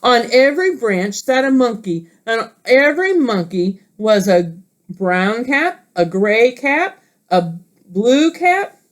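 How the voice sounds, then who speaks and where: A woman teacher reading a picture book aloud to children, expressive and asking listeners questions. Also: on the high side, slow pace.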